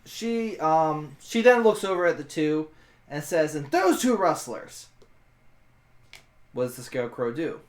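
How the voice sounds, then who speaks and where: A man's voice: fairly high pitch, normal speed. Man narrating a tabletop game in an echoey room. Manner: storytelling, voices his character's lines. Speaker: tabletop player.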